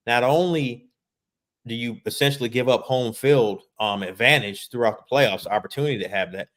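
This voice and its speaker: A man's voice: mid-range voice, moderate pace, a bit bright. A man co-hosting a casual sports podcast over a video call, emphatic and frustrated, often repeating words. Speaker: podcast co-host. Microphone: remote video call.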